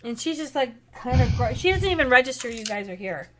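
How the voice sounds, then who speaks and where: A woman's voice: on the high side, expressive, a little fast. A woman narrating as game master of an online tabletop game, chatty and loose with fillers. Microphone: headset or desk mic, online stream.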